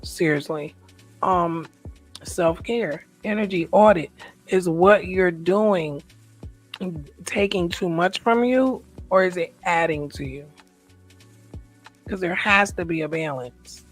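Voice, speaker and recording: A woman's voice: fairly low pitch, slow, long pauses, faint music behind. An American woman talking in a personal, reflective vlog monologue. She speaks in a heartfelt, emotional way and repeats her affirmations. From United States. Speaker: vlogger.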